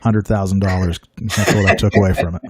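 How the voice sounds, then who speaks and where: A man's voice: sits low, flat delivery, fairly quick, breathy edge, no room sound, clean studio sound. Upbeat man hosting a chat show. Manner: upbeat, joking, self-deprecating. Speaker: podcast host. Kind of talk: casual chat.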